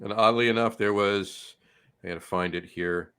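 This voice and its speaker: A man's voice: fairly low pitch, steady tone, moderate pace, fairly bright tone, clean tone. New guy rambling on his beer podcast, keeps losing his place. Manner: rambling, loses his place, chuckles often. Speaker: podcast co-host. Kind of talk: casual chat.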